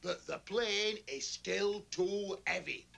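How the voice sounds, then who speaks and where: High gravelly guy telling a joke, slow and bright.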